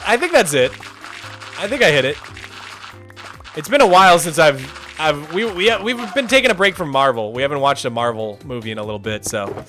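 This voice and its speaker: Bright, lively young-sounding streamer man. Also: a little high. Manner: chatty, answering viewer questions and thanking donors. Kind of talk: casual livestream chat.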